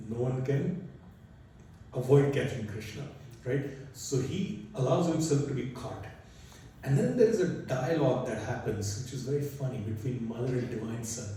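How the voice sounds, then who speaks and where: A man's voice: mid-range voice, mellow, recorded from a distance, a little hiss or hum. Man preaching in an echoey hall. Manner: conversational, with frequent "right?" and "you know". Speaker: speaker at a temple gathering. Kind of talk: storytelling sermon. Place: large temple hall.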